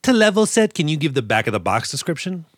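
A man's voice: on the high side, sing-song, fast, fairly bright tone, no room sound, clean studio sound. A man co-hosting a podcast, telling stories in a joking, self-deprecating way. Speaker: podcast co-host. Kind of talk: casual chat.

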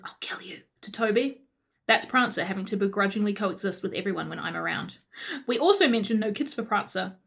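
A woman's voice: mid-range voice, a bit bright. A woman reading out a comic adoption listing in a dry, sardonic manner. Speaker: reader of a pet adoption listing.

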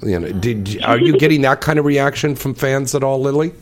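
A man's voice: mid-range voice, brisk. A man hosting an adult radio show, teasing and flirtatious in casual interview talk.

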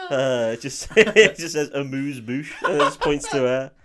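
A man's voice: mid-range voice, a bit bright. A man co-hosting a podcast, casually recapping a film, swearing freely, laughing often and acting out characters' lines. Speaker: podcast co-host.

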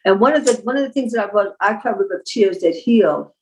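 A woman's voice: medium pitch, animated, a little fast, a little hiss or hum, poor audio. A woman guest on a podcast, a holistic healer and author, telling her story in a heartfelt, emphatic way and repeating phrases for weight. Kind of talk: personal storytelling in a podcast interview.

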